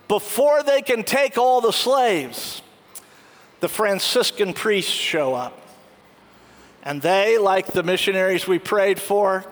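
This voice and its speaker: A high-pitched man delivers a sermon, walking his congregation through a film scene and voicing its characters as he goes. His voice rings out with long reverb, as if from a big church hall. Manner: storytelling, acts out quoted lines. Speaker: pastor.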